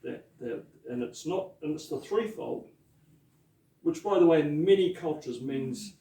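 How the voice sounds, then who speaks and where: A man, a pastor teaching te reo Māori in a chatty lesson, with laughing asides and slow repeated words to drill pronunciation. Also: fairly high pitch, animated, warm tone, recorded from a distance. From New Zealand. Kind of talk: informal language lesson. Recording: echoey room, voice off mic.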